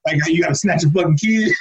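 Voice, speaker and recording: A man's voice: fairly high pitch, fast talker, husky, highs cut off. A man co-hosting a podcast, recapping a movie in loose, laughing casual chat full of fillers and slang. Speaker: podcast co-host.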